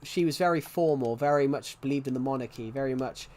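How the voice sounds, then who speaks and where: A man's voice: medium pitch, quick pace, darkish tone. A young man chatting casually on a live stream, rambling with many restarts and laughing at his own jokes. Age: young adult.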